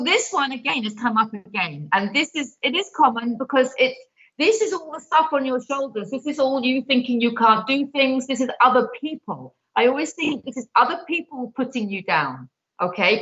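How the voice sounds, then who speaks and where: A woman's voice: fairly high pitch, a bit bright. A woman giving a live card reading, earnest and pleading as she urges the viewer to trust herself. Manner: earnest, pleading, gets emotional. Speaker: card reader and author. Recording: dull lo-fi sound.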